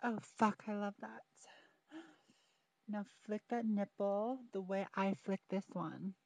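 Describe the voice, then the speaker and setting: A young woman speaks very slowly and softly, teasing and pleading as she talks straight to the listener in an intimate audio role-play. Her voice sits at a middle pitch. The recording is close and dry, with a slightly dull, muffled sound. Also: steady tone, vocal fry, no room sound. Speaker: audio performer.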